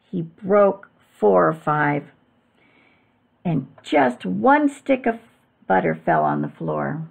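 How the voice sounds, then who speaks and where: A woman reading a storybook aloud as a teacher, expressive and adding sound effects. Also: lowish voice, takes it slowly, creaky.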